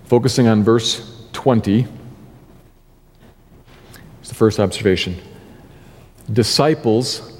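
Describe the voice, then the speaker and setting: Mellow-voiced preacher in a reverberant hall. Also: male voice, lowish voice, fairly even intonation. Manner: deliberate, stresses key words, slows for scripture. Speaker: pastor. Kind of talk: sermon.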